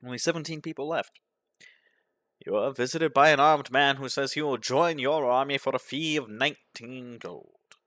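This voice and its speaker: Deadpan man reading game text. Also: medium pitch, normal speed, no room sound. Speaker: gaming commentator. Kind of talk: game playthrough commentary.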